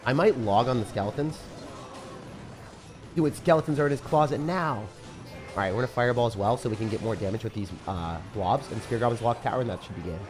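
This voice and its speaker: A man with a rough morning voice giving casual live commentary on a game he is playing, chatting and reading viewer comments aloud. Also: mid-range voice, fast, darkish tone, soft background music. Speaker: game streamer.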